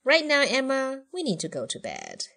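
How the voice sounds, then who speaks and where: Gentle woman coaching a child. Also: high-pitched, huge pitch swings, normal speed, creaky. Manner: gentle, coaxing teacher talk, sings along. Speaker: parent teaching a children's song. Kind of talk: bilingual kids' song lesson.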